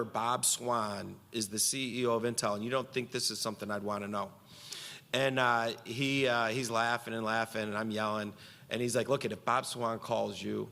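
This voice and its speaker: A man's voice: medium pitch, pushed and bright, in a large hall. A man giving a conference speech from Central New York, telling a story and quoting himself and others with animation.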